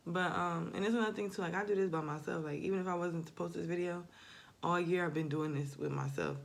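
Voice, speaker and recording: Candid, rambling woman with a gravelly edge. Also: lowish voice. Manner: candid, rambling, swears freely. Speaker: spiritual vlogger. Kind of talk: casual confessional monologue.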